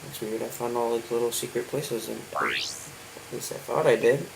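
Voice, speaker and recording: A man's voice: medium pitch, fairly even intonation, normal speed, gravelly, noisy background. A man casually commenting on his gameplay, just woken up and yawning, rambling and joking to himself. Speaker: gaming channel host. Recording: loud game music behind.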